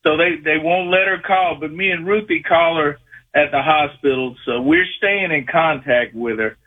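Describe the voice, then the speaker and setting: High-voiced chatty male caller on the phone. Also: normal speed. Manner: chatty, excitable, keeps repeating the host's name. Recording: tinny phone line.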